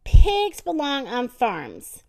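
A woman voicing a bossy, stubborn older woman from a storybook who shouts bluntly. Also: sits high, huge pitch swings, drawn-out words, vocal fry, exaggerated voice. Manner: loud, blunt, domineering.

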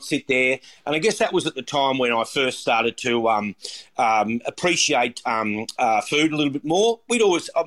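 Middle-aged man, restaurateur, mid-pitched, upbeat, rambling, filler-heavy. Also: a bit bright. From Australia. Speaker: chef and restaurateur. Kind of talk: interview answers.

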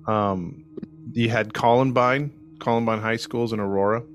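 A man narrating a story on a podcast in a loose, joking, conversational way, pausing on ums and restarting his sentences. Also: lowish voice, fairly even intonation, faint music behind.

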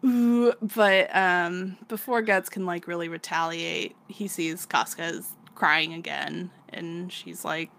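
A woman's voice: lowish voice, steady tone, slow pace, gravelly, few pauses, a bit bright. A woman co-hosting a podcast, casually recapping a manga, laughing often and swearing freely as she acts out the characters. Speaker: podcast co-host.

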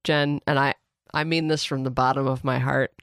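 Wry, deadpan podcast narrator. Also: medium pitch, normal speed, background noise. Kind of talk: comedic history narration.

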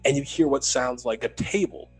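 Guy telling a ghost hunt story, mid pitch, faint music under it. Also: normal speed, rough recording. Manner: animated retelling, rising to loud urgency. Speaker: paranormal investigator. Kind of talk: storytelling in a podcast interview.

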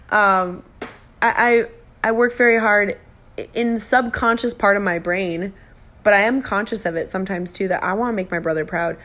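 With a fairly bright tone in her mid-range voice, a middle-aged podcaster talks at a moderate pace. She's emotional and sincere in this personal monologue, adding occasional self-deprecating jokes.

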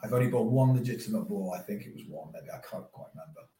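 A man, a former cricketer as podcast guest, telling a story in a lively way and acting out his own thoughts. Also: on the low side, fast talker, far from the mic. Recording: roomy sound, a bit off mic.

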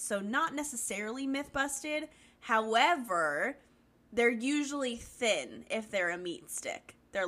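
A woman's voice: on the high side, pushed and bright. A young woman co-hosting a podcast, recapping a TV episode in casual, blunt chat with frequent swearing. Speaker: podcast co-host.

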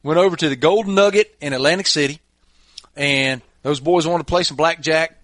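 A man's voice: on the high side, fairly quick, a bit bright, no room sound, studio quality. A middle-aged man hosting a podcast, casually telling a funny anecdote with chuckles along the way. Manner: laid-back, chuckling anecdotes. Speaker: podcast host. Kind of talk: casual storytelling chat.

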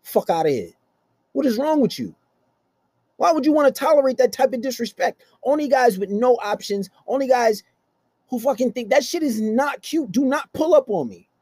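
A man's voice: extremely high pitch, animated, moderate pace, darkish tone, no room sound. A man hosting a blunt relationship-advice rant, talking aggressively and swearing constantly. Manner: aggressive, blunt, heavy cursing. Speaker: host.

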